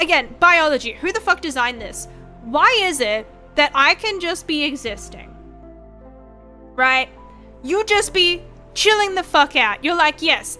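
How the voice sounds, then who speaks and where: A young adult woman streamer chatting casually, rambling and swearing freely with frank, animated asides. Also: high-pitched. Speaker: VTuber streamer.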